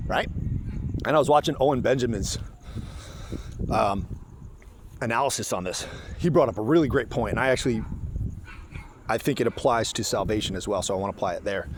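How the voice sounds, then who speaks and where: A man's voice: fairly low pitch, fairly quick, pauses often, slight background noise. A man giving casual, sarcastic commentary in a vlog. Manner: animated, sarcastic. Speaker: online commentator.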